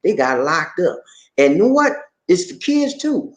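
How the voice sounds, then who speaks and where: Lively Gullah Geechee man chatting with viewers. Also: high-pitched, a little slow, reverberant. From Charleston, South Carolina. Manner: animated, laughs often, reads viewer comments. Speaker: vlog host. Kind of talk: casual live-stream chat. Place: home in the Philippines.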